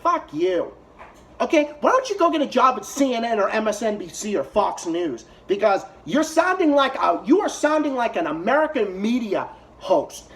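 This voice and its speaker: A man's voice: high voice, fairly bright tone. A man giving a heated, profane reaction rant to video clips, talking as a YouTube commentator.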